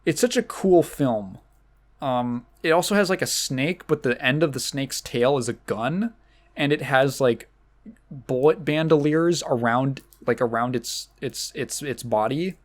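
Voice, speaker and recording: A man hosting a casual solo podcast, rambling along with many fillers and restarts. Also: mid-range voice. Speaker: podcast host.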